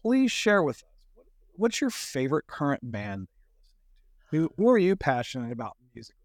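A man's voice: on the high side, sing-song, brisk, darkish tone, no room sound, studio quality. A man hosting a podcast interview, friendly and enthusiastic, often restarting his sentences. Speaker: podcast host.

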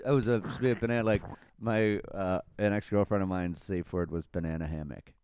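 A man's voice: low-pitched, fairly even intonation, a little fast, darkish tone, smooth. A man co-hosting a podcast, joking bluntly and crudely with his friend. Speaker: podcast co-host. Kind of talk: casual chat.

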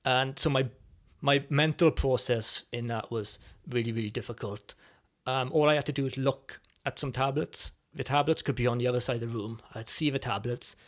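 A man as a podcast guest, speaking reflectively and hesitantly with many pauses as he tells his personal story. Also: medium pitch, steady tone. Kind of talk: personal testimony in conversation.

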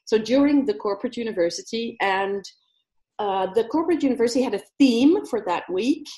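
A woman guest telling a story in a casual interview, animated, laughing often and mimicking accents. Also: fairly high pitch, fairly quick, roomy sound. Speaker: guest speaker.

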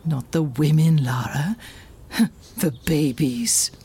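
An actress playing a dead mother, talking gently and often in a whisper to her grown daughter in a radio drama. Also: fairly low pitch, big pitch swings, slow, slightly rough, exaggerated voice. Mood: tender. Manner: soft, often whispered, lingering.

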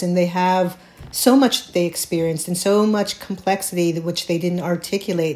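A middle-aged woman, a playwright, telling a personal story in an interview, thoughtful and halting, with many restarts. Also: fairly low pitch, a little mellow. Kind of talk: reflective conversational storytelling.

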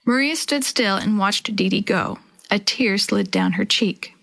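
A woman reads a children's chapter book aloud with clear, expressive storytelling. Her voice sits at a middle pitch. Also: measured pace. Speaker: narrator.

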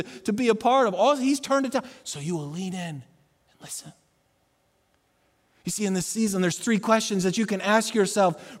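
A man preaching a sermon as pastor, with dynamic delivery that swings between loud urging and soft, hushed passages. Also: sits high, big-room sound.

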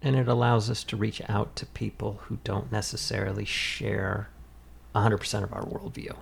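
A man's voice: on the low side, flat delivery, normal speed, slight background noise. A man co-hosting a casual talk show, adding brief reflective comments and sayings. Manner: gravelly and husky, reflective interjections. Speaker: co-host. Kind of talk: casual chat.

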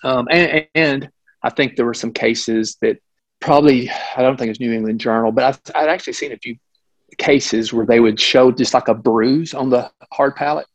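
This is a middle-aged male physician telling a case story to a host. His voice sits at a middling pitch. He is animated and full of restarts and side remarks. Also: moderate pace, low-quality recording. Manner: animated, with frequent restarts and asides. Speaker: physician guest. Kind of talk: conversational storytelling.

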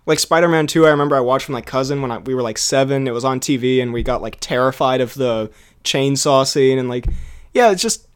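A man's voice: medium pitch, a little fast, smooth. A young man co-hosting a casual film review podcast, talking in a rambling way with lots of fillers and restarts. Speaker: podcast co-host.

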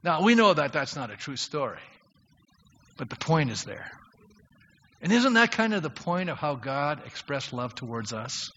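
A man's voice: a little high, big pitch swings, moderate pace, breathy edge. Emphatic male pastor in echoing sanctuary. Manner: emphatic, rising to loud appeals; conversational, addresses congregation directly. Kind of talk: sermon. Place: church sanctuary. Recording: long hall reverb, dull lo-fi sound.

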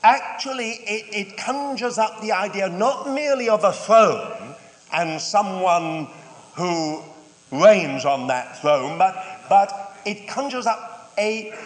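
A man's voice: high voice, lively intonation. An older British man preaching a sermon, stretching key words out and dropping in wry, humorous asides. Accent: British English. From United Kingdom. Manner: measured, drawn-out emphasis with wry humorous asides. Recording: long hall reverb.

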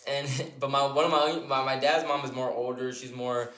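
A man's voice: mid-range voice, steady tone, moderate pace, fairly bright tone. A young man casually telling a long story on a podcast, rambling and swearing freely, with many restarts and fillers. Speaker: podcast co-host. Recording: echoey room.

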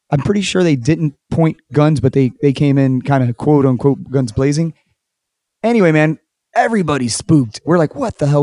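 A man hosting a casual podcast interview, telling stories with lively acted-out quotes and casual swearing. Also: on the high side, no room sound, studio quality. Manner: animated storyteller, acts out quotes, swears casually. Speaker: podcast host.

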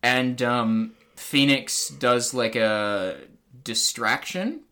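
A man's voice: medium pitch, extremely slow, sharp tone. This is a young man chatting on a podcast in a loose, rambling way. He sits in an everyday middle range and swears freely. He builds into small rants when something bugs him. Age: young adult. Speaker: podcast co-host. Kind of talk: casual wrestling review chat.

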